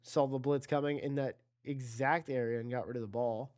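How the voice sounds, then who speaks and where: A man's voice: medium pitch, fairly even intonation, brisk, darkish tone, smooth. A man giving casual play-by-play commentary on an online video game football league, chatty and self-correcting, talking to his chat and rising on big plays.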